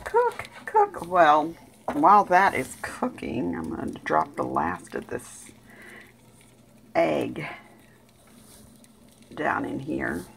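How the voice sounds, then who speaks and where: A woman chatting casually in her home kitchen, talking homey and cooing at her dog in a high sing-song voice. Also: very animated, slow, creaky, pauses often, noisy background. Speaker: vlogger. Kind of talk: casual kitchen vlog chat.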